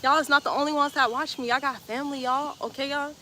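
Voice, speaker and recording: Playful, bright-voiced woman streaming outdoors. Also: high voice, fairly even intonation, quick pace, a little hiss or hum. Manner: playful, teasing, laughs often, repeats phrases. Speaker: livestreamer reading chat comments. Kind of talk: casual livestream chat. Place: outdoors in sunlight.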